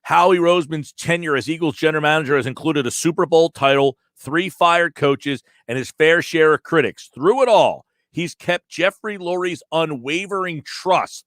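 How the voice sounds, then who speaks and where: A man hosting sports talk radio, breaking down a news article with animated delivery and acted-out quotes. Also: on the high side, no echo, clean studio sound. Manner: animated, reads article quotes aloud and acts out tones.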